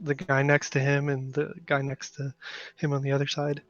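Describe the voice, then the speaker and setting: A man's voice: mid-range voice, completely flat delivery, moderate pace, fairly bright tone, dry recording, muffled recording, soft background music. A man playing in a tabletop game, talking hesitantly with many "um" fillers. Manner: hesitant, frequent "um". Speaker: player. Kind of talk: tabletop game play, casual chat.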